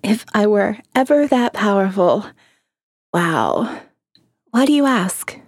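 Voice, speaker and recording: A woman's voice: mid-range voice, animated, slow, dry recording, clean studio sound. A woman reading as a tipsy, world-weary woman. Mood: wry, indulgent. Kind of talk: audiobook character voice.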